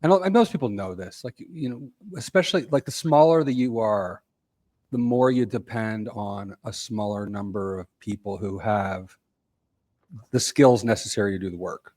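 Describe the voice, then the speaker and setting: Man, middle-aged, low voice, podcast guest, measured, trailing off, dry sound. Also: a little mellow, no room sound. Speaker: guest, company CEO. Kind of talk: casual podcast interview.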